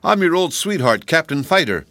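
Man acting out an indignant tin soldier, harsh, loud, higher pitch, dry. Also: sing-song, normal speed, dry recording. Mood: pleading.

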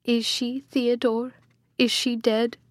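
Woman playing a devout old friar, begging and emotional, slow storybook delivery, dry sound. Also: a little high, little pitch movement, no room sound. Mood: pleading. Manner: pleading, emotional, raised voice. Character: old male friar, pleading father, devout.

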